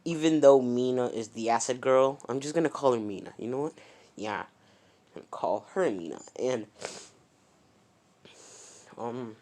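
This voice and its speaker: A man's voice: mid-range voice, a little slow, pauses often, darkish tone. A young man casually narrating an improvised fan story, rambling with many restarts and self-corrections.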